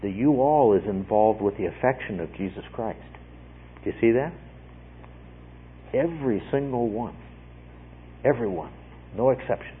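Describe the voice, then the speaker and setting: A man's voice: fairly low pitch, lively intonation, normal speed, pauses often, a little hiss or hum. A man teaching through a Bible passage verse by verse, emphatic, repeating phrases and checking in with "okay?" as he goes. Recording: tinny phone-like radio broadcast, husky.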